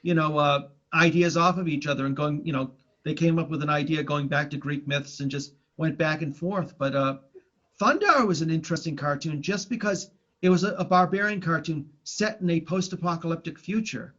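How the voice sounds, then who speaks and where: A man's voice: a little high, a little fast, pushed and bright. A man co-hosting a podcast, chatting casually and rambling about old cartoons with plenty of restarts. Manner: rambling, many restarts and fillers. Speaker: podcast co-host. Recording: dull lo-fi sound.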